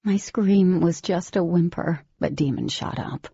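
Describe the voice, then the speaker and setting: A woman giving scripted first-person audiobook narration in a steady, even storytelling manner. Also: lowish voice, unhurried, creaky, slightly rough, dry recording, highs cut off.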